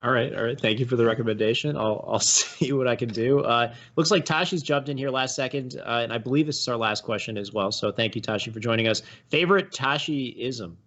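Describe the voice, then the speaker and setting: A man's voice: medium pitch, brisk, few pauses, fairly bright tone, highs cut off. A man hosting a show, chatting easily with his guest and laughing often before wrapping up. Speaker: show host. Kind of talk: casual interview and show wrap-up.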